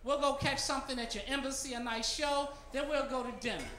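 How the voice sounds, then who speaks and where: A man's voice: very high voice, steady tone, brisk. Brash stand-up man in a roomy club. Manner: brash, teasing the audience. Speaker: stand-up comedian. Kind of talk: stand-up comedy set. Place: comedy club stage. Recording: roomy club with loud crowd.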